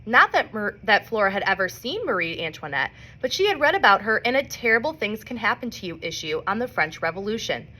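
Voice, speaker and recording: A woman reading a children's novel aloud in an expressive storybook manner. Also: medium pitch, a little fast, few pauses. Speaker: reader.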